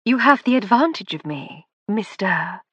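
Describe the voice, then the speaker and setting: A woman's voice: medium pitch, lively intonation, measured pace, breathy edge, dry recording, lo-fi sound. Woman doing a cool aristocratic lady. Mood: coolly defiant. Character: composed upper-class English lady, sharp-witted.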